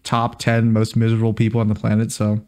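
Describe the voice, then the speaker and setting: A man's voice: fairly low pitch, monotone, fast talker, darkish tone, clear, resonant tone. A man co-hosting a podcast in casual chat, joking and teasing, laughing often. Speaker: podcast co-host.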